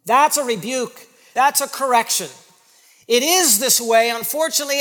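A man preaching a sermon as pastor, emphatic, repeating phrases for stress and swinging between loud and hushed. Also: very high voice, animated, normal speed, long reverb tail.

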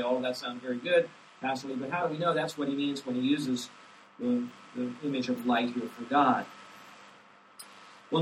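Man, pastor, sermon, emphatic, slightly high voice, faint hiss. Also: pushed and bright. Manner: emphatic, slows down to stress scripture quotes. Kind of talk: expository sermon. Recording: distant mic with faint hiss.

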